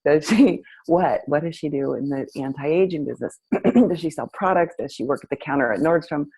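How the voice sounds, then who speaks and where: Breathy woman telling a lively story. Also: sits low, normal speed, rough recording. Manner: animated, acts out both sides of a conversation. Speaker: host. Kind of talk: storytelling to an audience.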